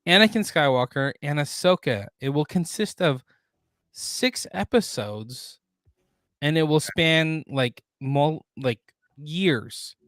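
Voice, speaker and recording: A man co-hosting a casual pop culture news podcast, reading out news items and then riffing on them in a relaxed way. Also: fairly high pitch, slow, dry recording, studio quality. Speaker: podcast co-host.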